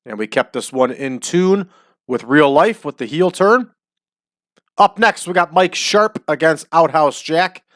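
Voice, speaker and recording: A man's voice: on the high side, lively intonation, fairly bright tone, no room sound, studio quality. Chatty man hosting a wrestling sim. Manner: chatty, drawn-out hype calls. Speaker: wrestling sim game host. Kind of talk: casual game commentary.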